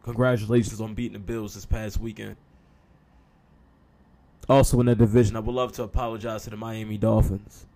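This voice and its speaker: A man's voice: fairly low pitch, little pitch movement, fairly quick, long pauses, dark tone. A man hosting a sports talk show, speaking casually with sarcastic, mock-apologetic humor and frequent y'all.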